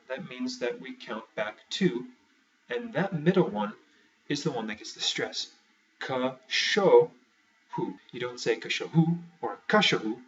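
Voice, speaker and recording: Man teaching with dry, wry asides. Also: mid-range voice. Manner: dry, wry asides while walking through rules step by step. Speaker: language teacher. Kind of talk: explaining a lesson. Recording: muffled, somewhat distant mic.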